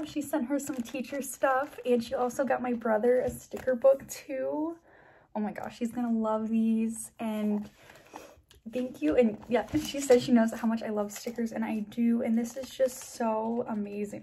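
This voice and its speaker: A young woman vlogger chatting to camera, gushing with excitement and thanks as she opens gifts. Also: a little high, breathy edge. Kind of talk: casual chat to camera.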